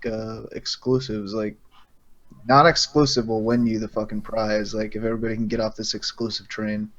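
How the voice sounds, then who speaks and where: A man talking games in a relaxed, profane way during a casual group chat. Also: fairly low pitch, moderate pace, muffled recording. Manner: laid-back, swearing.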